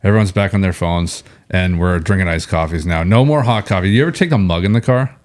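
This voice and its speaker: A man's voice: sits low, fast talker, a little mellow. A man in his forties co-hosting a casual podcast, joking and often restarting his sentences. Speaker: podcast co-host. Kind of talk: casual chat.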